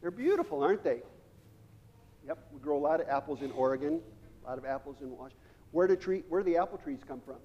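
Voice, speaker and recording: A man, the pastor, gives the children's message in a playful, chatty way, asking the kids questions as he goes. His voice sits somewhat high, and his words carry a long reverb through the church. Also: lively intonation, quick pace, dull audio, slight background noise. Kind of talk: children's sermon. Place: church sanctuary.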